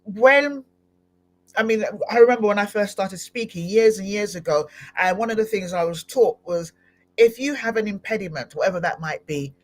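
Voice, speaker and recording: A woman hosting a live-streamed podcast interview, talking in an animated, exclamatory way with frequent laughter. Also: mid-range voice, normal speed. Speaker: podcast host.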